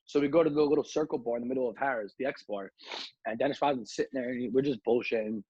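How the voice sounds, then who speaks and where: A husky-voiced man who promotes nightlife spins an animated anecdote, acting out every quote. He talks loosely with plenty of fillers. The sound is dry and a little dull. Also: mid-range voice, racing, no room sound. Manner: animated storyteller, acts out quotes, many fillers like "like". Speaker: nightlife promoter and podcast guest. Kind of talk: casual podcast storytelling.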